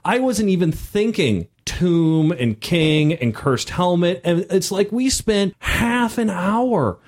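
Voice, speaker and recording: A man telling a tabletop game story on a podcast, lively and laughing often. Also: high voice, slow pace. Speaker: podcast co-host and game master. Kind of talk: casual podcast chat, animated storytelling.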